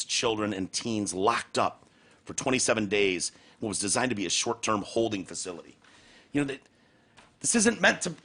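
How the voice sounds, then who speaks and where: A man hosting a podcast, talking in casual, sarcastic, profane, animated chat. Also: fairly low pitch. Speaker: podcast host.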